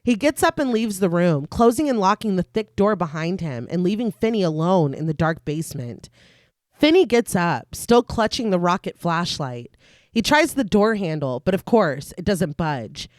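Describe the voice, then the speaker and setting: A woman's voice: lowish voice, lively intonation, moderate pace, darkish tone, dry recording, clean studio sound. A woman co-hosting a horror podcast, retelling the plot of a film in detail between her own casual comments. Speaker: podcast co-host. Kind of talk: casual chat and film recap narration.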